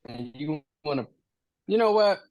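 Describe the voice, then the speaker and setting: A man's voice: fairly high pitch, animated, normal speed, darkish tone, dry recording, highs cut off. A man co-hosting a casual sports podcast in a laid-back, joking way. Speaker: podcast co-host.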